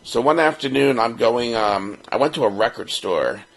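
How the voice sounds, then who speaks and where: This podcast co-host, a fifty-something from Baltimore, is a spirited storyteller who performs the other people's dialogue as he shares a personal tale. His voice is mid-range and his pace normal. The recording quality is low.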